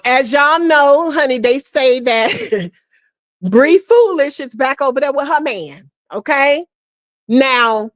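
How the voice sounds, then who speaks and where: Woman, high voice, dry close sound, animated gossip host. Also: no echo. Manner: sassy, animated, laughing, calls listener "girl" and "honey". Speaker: commentary host. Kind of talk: casual gossip commentary.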